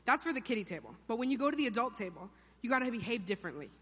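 Young woman preacher, high bright voice, joking around in a big echoey church. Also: sing-song, racing, breathy edge. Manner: chatty, playful, acts out quotes in funny voices. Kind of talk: sermon. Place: church sanctuary. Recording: long hall reverb.

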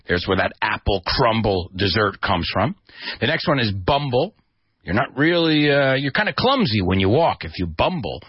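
A man with a low, husky voice hosts a radio English lesson, swinging his pitch around as he acts out and spells each word. The sound is dry and a little dull, like a radio broadcast. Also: no room sound. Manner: animated, demonstrative, spells words out. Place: radio studio.

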